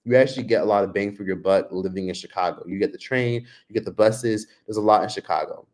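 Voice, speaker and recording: A man with a fairly low voice rants on a casual livestream. He talks straight at his viewers, swearing freely and going off on tangents in a loose, unscripted way. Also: fast talker, darkish tone. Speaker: livestream host.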